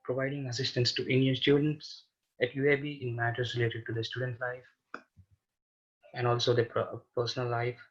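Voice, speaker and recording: A man's voice: mid-range voice, level tone, moderate pace, fairly bright tone. A man representing a student association, presenting hesitantly on a video call with many fillers. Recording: muffled lo-fi call audio.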